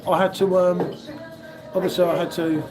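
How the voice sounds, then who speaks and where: A man's voice: high voice, flat delivery, normal speed. A British man live-streaming from an airport café, chatting casually and joking as he reads out viewer comments into his phone. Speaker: beer vlogger on a live stream. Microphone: phone held by the speaker. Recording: loud crowd noise around.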